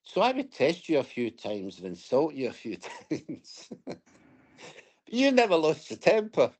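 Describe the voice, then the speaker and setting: A man's voice: a little high, wildly swooping pitch, a little slow, darkish tone. A Scottish man from Scotland, a guest in an interview, telling his personal story in a reflective, storytelling way with hesitant restarts.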